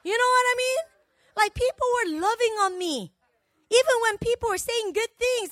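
A woman's voice: extremely high pitch, lively intonation, moderate pace, a bit bright, dry recording. A woman church leader giving a personal testimony sermon, telling her story emotionally and animatedly, with lots of "like".

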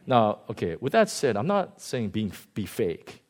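Guy preaching a sermon, chatty and animated, voice goes up and down a lot. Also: on the low side, measured pace. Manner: animated, conversational, chuckling. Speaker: pastor.

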